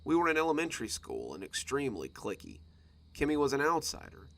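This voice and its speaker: A man narrating a scripted horror story for a storytime channel, reading in a dramatic, expressive way. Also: fairly high pitch, a little fast, gravelly.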